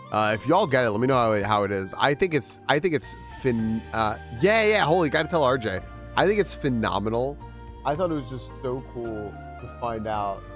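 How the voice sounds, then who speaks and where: A man's voice: fairly low pitch, a bit bright. A young man streaming a game, chatting casually, laughing and greeting his chat.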